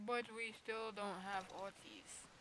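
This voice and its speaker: A woman's voice: medium pitch, unhurried, fairly bright tone, a little hiss or hum, rough recording. A woman gaming with a friend in casual chat, playful and teasing, laughing often. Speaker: gamer.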